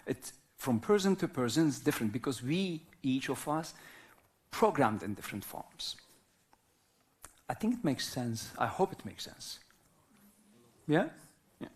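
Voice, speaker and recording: A man in his fifties from Turkey, a native Arabic speaker, giving a reflective live talk as a whirling dance teacher in simple non-native English, often checking in with listeners. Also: fairly high pitch. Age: 50s. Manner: slow, philosophical, checks in with listeners.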